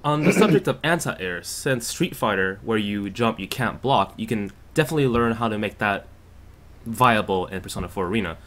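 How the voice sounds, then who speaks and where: Lively, bright-voiced podcast host. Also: male voice, lowish voice, normal speed. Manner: animated, laughing often. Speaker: podcast host reading questions. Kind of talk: casual gaming podcast chat.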